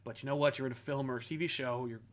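A man co-hosting a casual podcast chat, animated and ranting, dropping into quick mock voices. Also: mid-range voice, a little hiss or hum. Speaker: podcast co-host.

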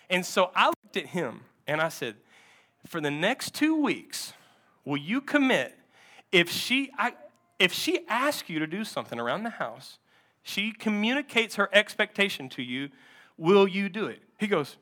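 Bright-voiced storytelling pastor. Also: male voice, high voice, measured pace. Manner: animated storyteller acting out a counseling story. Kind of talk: sermon storytelling.

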